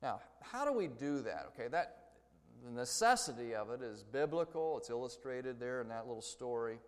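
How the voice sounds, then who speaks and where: A man's voice: mid-range voice, expressive, moderate pace, long reverb tail. A man giving a Bible lecture in a conversational way, explaining his points through everyday story examples. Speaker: Bible teacher. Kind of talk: church lecture.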